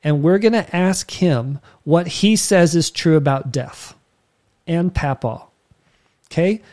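A man preaching, telling a personal story with lively quoted dialogue and emphatic turns. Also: fairly high pitch, slow. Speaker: pastor. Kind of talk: sermon storytelling.

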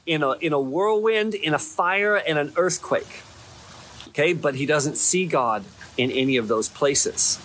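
A man's voice: fairly high pitch, fairly bright tone, slight background noise. A man preaching a sermon in a conversational, rambling way, often checking in with his listeners.

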